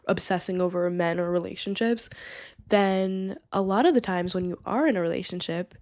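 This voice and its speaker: On her solo podcast, a young host chats casually in a fairly low, slightly mellow voice. Her talk is loose and full of "like" and "you know what I mean."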